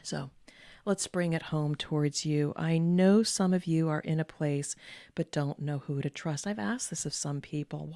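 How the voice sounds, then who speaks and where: A middle-aged woman hosting a podcast, giving calm, measured, earnest advice to executives with deliberate pauses. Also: deep voice, dry recording. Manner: earnest and encouraging, repeats key words. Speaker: podcast host and executive coach. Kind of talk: direct-to-camera advice talk.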